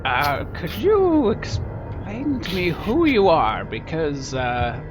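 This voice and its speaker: A man voicing a male goblin leader in a gray robe with one glowing red eye, asking slow, wary questions. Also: a little high, wildly swooping pitch, voice pushed up, exaggerated voice. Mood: suspicious. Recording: dull lo-fi audio with loud music.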